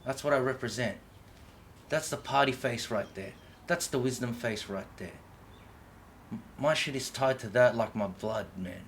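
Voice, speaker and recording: A man's voice: medium pitch, moderate pace, a little hiss or hum. Profane, heated middle-aged man ranting. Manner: profane, slangy, heated, keeps checking in with "yeah?". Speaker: vlogger. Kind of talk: impassioned unscripted monologue.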